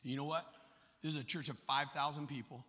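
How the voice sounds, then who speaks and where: A middle-aged man preaching a fervent sermon as pastor, rising to shouts at his high points. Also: steady tone, fairly quick. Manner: impassioned preaching, shouting at climaxes. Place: large church. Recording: echoey church hall.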